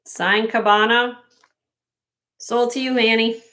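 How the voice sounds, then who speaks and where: A woman's voice: on the high side, steady tone, takes it slowly, fairly bright tone, slight background noise. A woman hosting a live online jewelry sale, chatting in a salesy way and talking straight to buyers by name. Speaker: host selling jewelry on a live stream.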